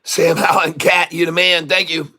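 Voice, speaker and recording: Male stock streamer, high-pitched and hoarse, folksy coaching patter. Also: flat delivery, normal speed, sharp tone. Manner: folksy, repeatedly calls viewers folks; coaxing, repeats instructions. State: hoarse from long hours of talking. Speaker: day-trading livestream host. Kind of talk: live trading commentary to chat.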